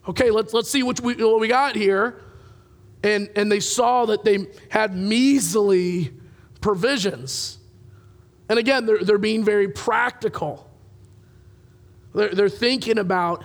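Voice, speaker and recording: High-voiced pastor telling a story. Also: male voice, measured pace, long pauses. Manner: storytelling, acts out dialogue, chuckles often. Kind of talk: sermon.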